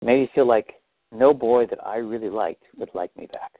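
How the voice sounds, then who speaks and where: A man calmly guiding a tapping therapy session, feeding short lines for the client to repeat. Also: medium pitch, moderate pace, no echo. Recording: thin phone-like audio, dry.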